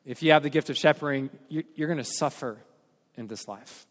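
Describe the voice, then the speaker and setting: A man delivering a sermon as pastor, telling stories with energy and then speaking earnestly and softly. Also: on the high side, brisk. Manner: storytelling, animated then earnest and quiet. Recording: hall reverb.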